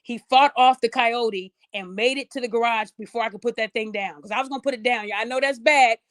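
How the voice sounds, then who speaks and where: A middle-aged woman chatting casually to her viewers, telling stories in a lively, talkative way. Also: on the high side, fairly quick, dry recording, studio quality. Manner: chatty, storytelling, addresses audience as y'all. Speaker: podcast host.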